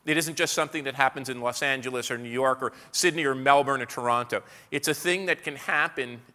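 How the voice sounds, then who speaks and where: Man, American accent, keynote speaker, storytelling lecture, bright forceful tone, reverberant hall. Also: mid-range voice, fairly quick. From United States. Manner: anecdotal, with frequent restarts and repeated words. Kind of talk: storytelling lecture to a live audience. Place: large hall at an evening business event. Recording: live talk with long hall reverb.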